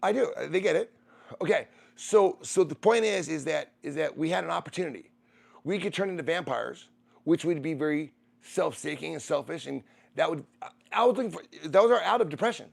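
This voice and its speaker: A man's voice: fairly high pitch, lively intonation, fairly quick, gravelly, breathy edge. A middle-aged man who streams, telling a personal story in a rambling way, restarting and repeating phrases.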